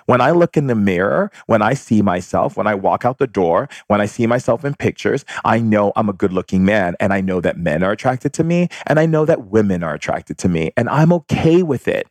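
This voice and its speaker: A man's voice: fairly low pitch, animated, brisk, hardly any pauses, no room sound. A man speaking frankly in a casual advice monologue, telling personal stories and acting out quoted exchanges. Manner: frank and direct, acts out quoted dialogue.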